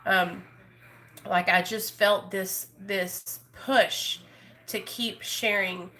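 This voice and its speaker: Her mid-range voice is bright and forceful, steady in tone, and she draws out her words. As a YouTuber speaking candidly to viewers in a live chat, she is earnest and emotional, rambling and frequently restarting.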